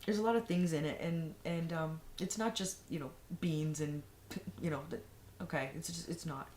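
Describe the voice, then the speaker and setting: A woman's voice: low-pitched, normal speed, a little mellow. A woman vlogger giving frank, rambling advice in a casual monologue, full of fillers and restarts. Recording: echoey room, faint noise.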